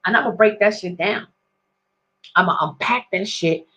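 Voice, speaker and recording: A woman's voice: mid-range voice, normal speed, sharp tone, breathy edge, rough recording. A woman ranting to her viewers in a casual, profane vlog, rambling in street slang and constantly asking if they understand. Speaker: vlogger.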